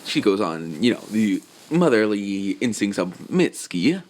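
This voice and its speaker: A man's voice: lowish voice, sing-song, a little slow, a little mellow, a little hiss or hum. A man casually telling a fan-fiction story, rambling and correcting himself with lots of fillers.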